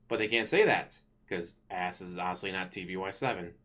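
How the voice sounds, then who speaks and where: A man ranting casually to camera as a channel host, rambling and correcting himself, blunt and quick to swear. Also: low voice, fairly bright tone.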